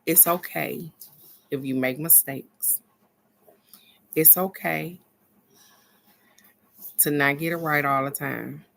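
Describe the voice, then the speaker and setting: A middle-aged woman giving a casual motivational talk, animated and earnest, moving between excited bursts and soft encouragement. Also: deep voice. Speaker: spiritual card reader and vlog host.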